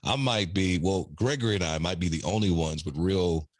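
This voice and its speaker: A middle-aged man with a deep baritone voice, chatting casually as a radio personality guest, laid-back with chuckling asides. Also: normal speed, no echo, studio quality. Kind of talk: casual interview chat.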